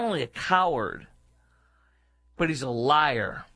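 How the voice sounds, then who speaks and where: A political commentary show host gives an indignant, emphatic rant as an opinionated monologue, his pitch and volume leaping up before dropping into low, muttered asides. He's animated yet measured in pace, and the sound has no echo.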